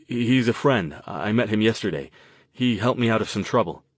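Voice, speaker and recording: A man's voice: fairly low pitch, animated, moderate pace, dry recording. A male narrator voicing an earnest young man who speaks urgently, close to his own voice.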